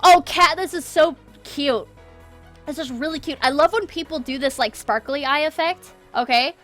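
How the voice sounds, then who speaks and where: A woman streams a live art critique, encouraging and often checking in with "okay?" while repeating words for emphasis. Her voice is high-pitched and fairly bright at normal speed, with soft music in the background.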